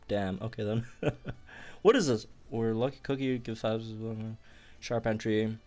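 A young man giving excited commentary on a game update, bursting into squeals and laughter as he talks to viewers. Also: on the low side, unhurried, faint music behind. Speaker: gaming youtuber.

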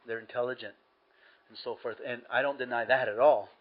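A man's voice: mid-range voice, steady tone, a little fast, lo-fi sound. A man preaching a sermon as pastor, earnest and emphatic, repeating key words for stress.

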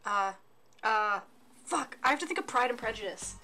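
A woman streamer hosting a casual gaming chat, excitable and giggly, swearing often. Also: a little high, normal speed.

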